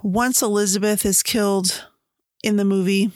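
A woman comparing a book and its film adaptation in casual, chatty commentary, laughing often and talking in an animated way. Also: mid-range voice, normal speed, no room sound, studio quality. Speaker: book reviewer.

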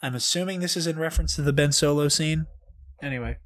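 A man casually reading out reaction notes. He is animated and swears a lot, often breaking into laughter. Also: on the high side, fast talker. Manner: animated, profane, frequent laughter. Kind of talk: casual comedic chat.

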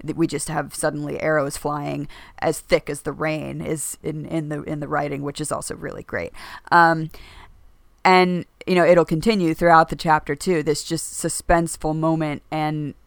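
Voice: medium pitch, little pitch movement, moderate pace, gravelly, no echo. A podcast co-host talking casually about a book, rambling with lots of fillers and restarts.

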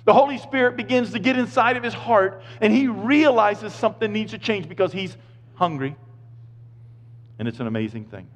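A male pastor preaching a sermon, swinging from loud, emphatic points to quiet, low asides. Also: slight background noise. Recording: echoey hall, slightly dull sound.

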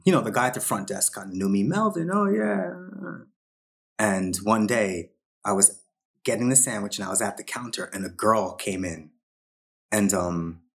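A man's voice: sits low, a bit bright. A man, a podcast guest, telling a long personal story in a casual way and briefly quoting the people in it. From New York. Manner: quotes others in short acted asides.

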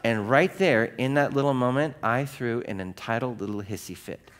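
A middle-aged man preaches from a church stage, talking to the congregation as if chatting with them. His voice sits at an ordinary pitch for a man. He keeps asking the room questions and acts out the voices in his stories. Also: normal speed. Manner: conversational, asks the congregation questions, acts out quoted voices in anecdotes. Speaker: pastor. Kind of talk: sermon.

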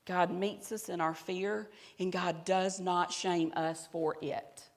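A woman pastor with a Southern accent preaching a conversational sermon, at times dropping to a soft, intimate voice. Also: on the low side, fairly even intonation, takes it slowly. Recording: reverberant hall.

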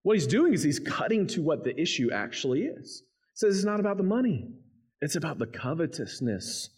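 A man's voice: a little high, very animated, brisk, a little mellow, slightly rough. A man preaching a sermon, reading scripture and then explaining it in a conversational, emphatic way. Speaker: pastor.

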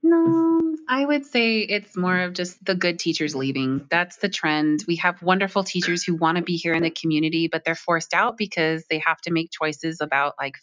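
A woman teacher answering interview questions earnestly, with frequent pauses. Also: low-pitched, fairly bright tone, no room sound. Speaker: striking schoolteacher. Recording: slightly dull lo-fi sound.

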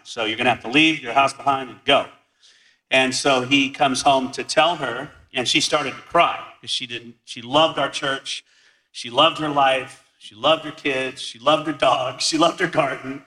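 Earnest pastor preaching in an echoey hall. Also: male voice, medium pitch, pushed and bright, recorded from a distance. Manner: earnest, measured, slows on key words. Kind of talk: sermon. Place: large church hall.

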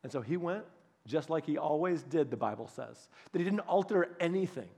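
A man preaching a sermon, telling biblical stories with animated, acted-out voices. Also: fairly high pitch, normal speed. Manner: animated storytelling, acts out voices of biblical figures. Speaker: pastor.

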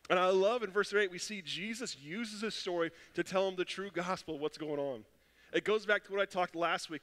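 A man's voice: sits high, pushed and bright. A man preaching a sermon as pastor, passionate and acting out the voices he quotes. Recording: long echo of a church hall.

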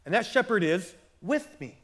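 Brief: young shepherd, earnest and humble, high bright voice, voiced by a preacher. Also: male voice, very animated, moderate pace, full character voice. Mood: awed. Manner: earnest, wondering.

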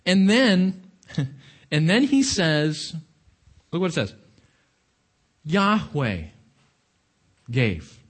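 A man's voice: a little high, wildly swooping pitch, very slow, long pauses. A man preaching a sermon, questioning his congregation and stressing his points. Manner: questioning the audience, emphatic.

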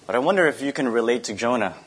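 A man's voice: medium pitch, expressive, rapid-fire, husky. Man preaching in a conversational tone. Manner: conversational preaching with rhetorical questions and asides. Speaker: pastor. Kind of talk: sermon.

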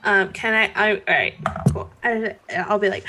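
Bright-voiced hesitant woman player. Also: medium pitch, steady tone, normal speed, a little hiss or hum. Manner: hesitant, giggly. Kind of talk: tabletop role-play.

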